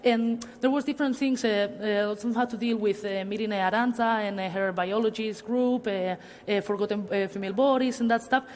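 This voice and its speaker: A woman's voice: medium pitch, fairly even intonation, moderate pace, few pauses, darkish tone, slight background noise. A woman speaking on a public panel in a cultural centre hall. She talks hesitantly, with many fillers. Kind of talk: public talk in a panel discussion. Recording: long hall reverb.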